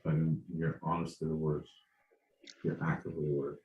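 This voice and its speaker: A man's voice: a bass voice, completely flat delivery, normal speed, recorded from a distance, phone-quality sound, a little hiss or hum. A man co-hosting a comedy podcast, bantering with mock outrage and lots of swearing. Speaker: podcast co-host. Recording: echoey room, voice from off-mic.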